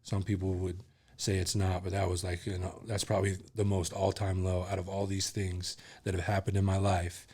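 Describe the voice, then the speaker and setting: A man's voice: sits low, level tone, moderate pace, a little mellow, slightly rough. A man, a podcast guest, telling a candid personal story in a rambling, casual way full of fillers.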